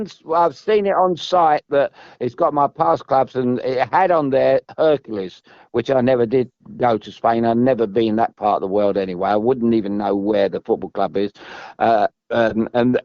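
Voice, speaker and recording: This is a former footballer from England on a podcast, spinning rambling tales that wander, restart and circle back on themselves. He speaks at medium pitch and a moderate pace; the audio has no echo but its highs are cut off.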